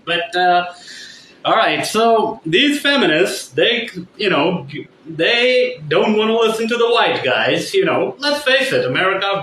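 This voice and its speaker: A man's voice: a little high, bright, forceful tone, roomy sound, slight background noise, low-quality recording. A man ranting on his vlog in a rambling, heated way, full of swearing. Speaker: vlogger. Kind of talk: casual vlog rant.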